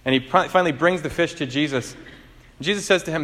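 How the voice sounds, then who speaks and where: Male preacher, earnest sermon, slightly high voice, long hall reverb. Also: a little fast, long pauses, fairly bright tone. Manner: earnest storytelling, retelling scripture.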